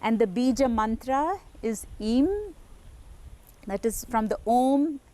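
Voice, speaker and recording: A woman's voice: a little high, lively intonation, takes it slowly, dark tone. A woman giving an earnest, reverent devotional teaching talk as a spiritual teacher.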